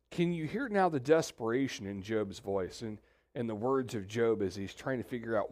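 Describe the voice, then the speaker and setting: A middle-aged pastor preaching to his congregation. His voice sits at a middle pitch, and he talks in a lively, conversational way. The whole thing sounds like a talk given in a church sanctuary. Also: moderate pace. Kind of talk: sermon.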